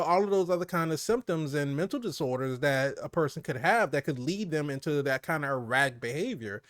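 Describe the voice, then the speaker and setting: Male podcast co-host, slightly high voice, dry close-mic sound, lively and laughing, drops low to make a point. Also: dry recording. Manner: animated, laughs often, drops low for emphasis. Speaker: movie review co-host. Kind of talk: casual movie review chat.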